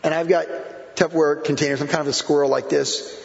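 Middle-aged pastor preaching, high-ish voice, echoey church hall, kinda dull lo-fi sound. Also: male voice, fast talker, gravelly. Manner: animated preacher, acts out quotes with whoops. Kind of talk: sermon.

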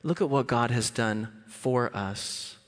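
A man preaching a sermon as a guest speaker, animated and lively, often acting out voices. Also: slow. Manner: animated, acts out quoted voices with big pitch jumps. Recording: long hall reverb.

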